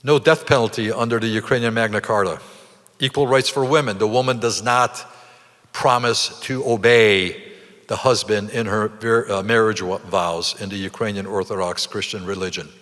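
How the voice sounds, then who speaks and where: A low-pitched man with a forceful, tense voice delivers a commemorative lecture with emphatic, deliberate phrasing and rhetorical questions. His words ring out with a long reverb tail in an event hall. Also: steady tone. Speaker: guest speaker.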